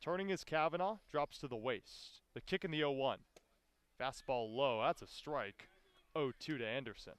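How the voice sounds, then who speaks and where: A man calling live baseball play-by-play, with his voice climbing sharply in pitch and volume on big plays. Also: moderate pace, clear, resonant tone, dry recording. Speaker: play-by-play announcer.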